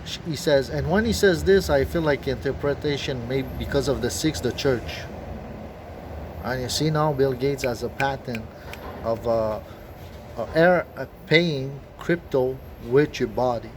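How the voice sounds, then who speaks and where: A man with a mid-range, somewhat dark voice, this video blogger launches into a meandering conspiracy monologue. He's worked up and profane, stumbling over restarts and fillers against faint background noise.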